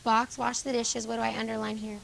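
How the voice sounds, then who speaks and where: Brisk woman teaching a class, gravelly. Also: a little high, flat delivery, slight background noise, rough recording. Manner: brisk, calls on students by name and confirms answers. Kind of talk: classroom grammar lesson. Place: school classroom.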